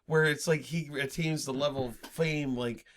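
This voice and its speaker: A man co-hosting a casual podcast, riffing excitedly about a movie. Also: fairly high pitch, normal speed. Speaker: podcast co-host.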